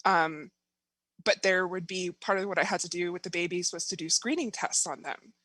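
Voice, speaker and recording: A woman guest telling a personal story in casual conversation, animated and laughing often as she acts out her own thoughts. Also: fairly low pitch, normal speed, no echo.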